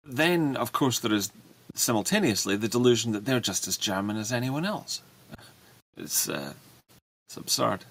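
A man talking as a guest in a casual discussion, speaking haltingly with frequent restarts and fillers. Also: medium pitch, lively intonation, a bit bright. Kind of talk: livestream political discussion.

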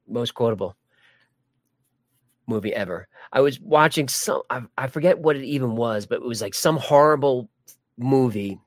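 A man's voice: medium pitch, moderate pace, no room sound. Rambling man hosting a livestream. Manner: rambling, jokey, many restarts. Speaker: livestream host. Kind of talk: casual live chat reading comments.

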